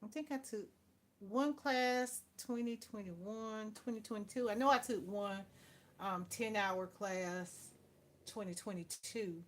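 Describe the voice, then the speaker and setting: A woman's voice: medium pitch, takes it slowly. An older woman, rambling through a casual spiritual talk and calling the listener "baby" as she preaches. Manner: rambling, swings from soft to loud. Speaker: spiritual channel host.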